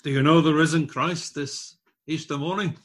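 A man's voice: fairly even intonation, a bit bright. A man preaching a sermon, emphatic and repetitive, pressing his points and lifting his voice on key phrases. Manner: slow, emphatic and repetitive, rising in pitch and force on key phrases.

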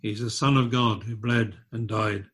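A man's voice: fairly even intonation, fairly bright tone, husky. A man preaching a sermon, emphatic and repetitive, pressing his points and lifting his voice on key phrases. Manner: slow, emphatic and repetitive, rising in pitch and force on key phrases.

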